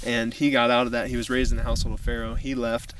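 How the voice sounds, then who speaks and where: A man preaching a relaxed outdoor sermon in a flat, even voice that stays level. He sits a little back from the camera mic, with faint noise around him. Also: medium pitch, quick pace, recorded from a distance, poor audio. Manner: casual, conversational preaching with fillers. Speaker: youth pastor. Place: outdoors on a mountaintop.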